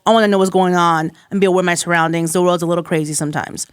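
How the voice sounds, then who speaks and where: A woman's voice: fairly low pitch, steady tone, racing, clear, resonant tone, dry recording. A woman co-hosting a radio show, casually telling a story. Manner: storytelling, conversational. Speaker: radio co-host.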